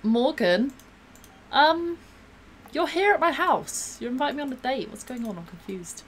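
A bubbly woman chats her way through a live game stream. Her voice sits fairly high and swings widely from line to line, with a faint hiss of noise underneath. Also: expressive. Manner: bubbly, gushing, quick to gasp and laugh. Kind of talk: casual live-stream commentary while playing.

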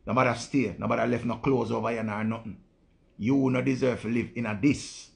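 A man with a rough, gravelly Jamaican voice, holding forth to his stream viewers in a loose, unscripted monologue. He talks bluntly in patois, swears freely and circles back to his points. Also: mid-range voice, steady tone, a little fast. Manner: blunt, profane ranting in patois. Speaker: live-stream host.

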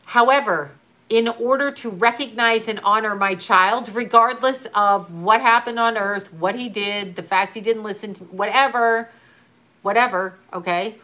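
Speaking straight to one viewer, a middle-aged grieving mother advises another mother with earnest urgency, repeating her points and occasionally swearing in this emotional, casual talk. Her voice is bright and clear-toned, medium-pitched, at a measured pace.

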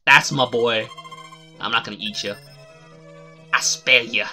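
A man streaming a game live, chatting casually and swearing a lot, rambling and then shouting suddenly at the game. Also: medium pitch, fairly even intonation, unhurried, soft background music. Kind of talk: casual live gameplay commentary.

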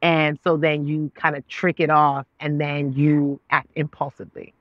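A woman in her thirties telling her story as a guest, voicing her own past dialogue with God. Her pitch leaps up and down as she acts it out. The sound is dry and slightly dull. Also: flat delivery, normal speed, no room sound. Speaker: guest, actress and author. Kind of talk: animated storytelling.

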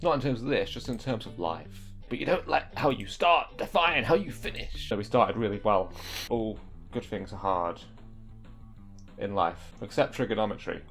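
A man's voice: lowish voice, expressive, moderate pace, fairly bright tone, soft background music. A young man giving live gameplay commentary, exasperated and talking back at the game. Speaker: gaming video creator.

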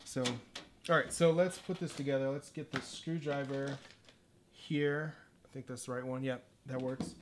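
A man's voice: mid-range voice, steady tone, moderate pace. Guy rambling on his livestream while putting a pc together, drifts off mic sometimes, faint hiss. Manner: rambling, self-deprecating, easily distracted. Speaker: livestreaming artist. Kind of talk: casual livestream chat while building a PC.

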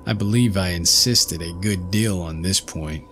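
Deep-voiced male story narrator. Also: unhurried, a bit bright, soft background music. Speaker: audiobook narrator.

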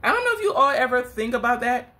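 Sassy woman tarot reader, scolding and animated, calls everybody girl. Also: on the high side, fast talker. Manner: addresses the viewer as girl. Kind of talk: spiritual tarot reading vlog.

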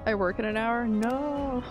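A woman's voice: a little high, a little slow, music in the background. A young woman streaming a video game, chatting casually and rambling, swearing freely and poking fun at herself. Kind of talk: casual gameplay commentary.

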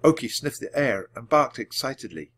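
Animated man reading a storybook aloud. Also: mid-range voice. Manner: clear and deliberate for language learners. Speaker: storybook reader.

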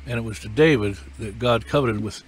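A man's voice: fairly low pitch, fairly quick, breathy edge. A man preaching a sermon, emphatic and repetitive, his voice rising and falling with feeling.

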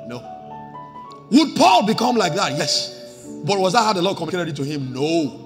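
Nigerian pastor, high, very lively voice, church hall reverb with faint music behind. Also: male voice, normal speed, long pauses. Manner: emphatic, animated, mixes in Pidgin asides. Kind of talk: sermon.

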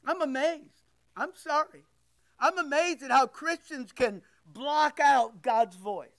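A man's voice: extremely high pitch, slow, a bit bright. A man preaching a sermon as pastor, emphatic and rhetorical, repeating his phrases.

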